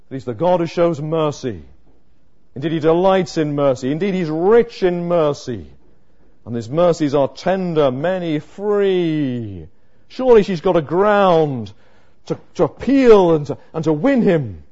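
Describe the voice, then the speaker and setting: A man preaching an expository sermon, dramatic, moving from hushed lines to emphatic ones. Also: fairly high pitch. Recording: muffled lo-fi sermon recording.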